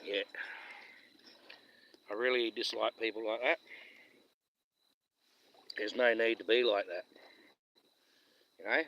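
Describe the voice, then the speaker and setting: A man's voice: fairly low pitch, fairly even intonation, slow, pauses often, a bit bright, muffled recording, slight background noise. A man with a Western Australian accent chatting and telling stories on a live stream while fishing outdoors, rambling and chuckling as he goes. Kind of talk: casual live-stream chat.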